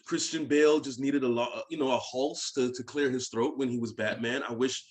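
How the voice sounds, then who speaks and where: A man's voice: mid-range voice, fairly even intonation, fairly quick. A man chatting casually as a podcast guest, joking and acting out little voices in his stories. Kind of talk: casual chat.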